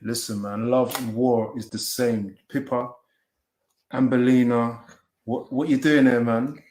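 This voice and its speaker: A man's voice: medium pitch, fairly even intonation, unhurried, darkish tone, echoey room. A man in his forties with a South London accent, co-hosting a live chat, playful and greeting viewers by name. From England. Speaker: co-host. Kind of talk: casual chat on a live stream.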